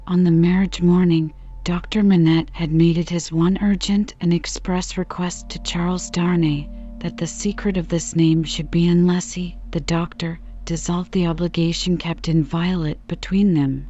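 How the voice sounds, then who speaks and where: A woman narrating an audiobook in a measured storytelling manner. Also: fairly low pitch, steady tone, dark tone. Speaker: audiobook reader. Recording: dull lo-fi recording with faint music.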